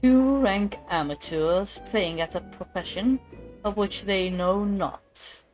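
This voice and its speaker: A woman's voice: medium pitch, slow pace, darkish tone, faint music behind, lightly acted. A woman voicing an arrogant rival inspector with a condescending, clipped way of talking. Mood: sneering.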